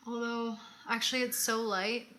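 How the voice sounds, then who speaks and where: A woman's voice: fairly high pitch, flat delivery, normal speed, noisy background. A woman co-hosting a casual makeup tutorial, playful and giving tips as she goes. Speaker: co-host of a makeup channel.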